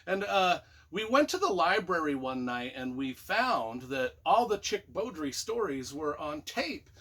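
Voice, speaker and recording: A man's voice: fairly high pitch, a little slow, slightly rough. A man from Utah, a book reviewer casually telling a personal story in a rambling way. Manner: animated, rambling, with many fillers and asides.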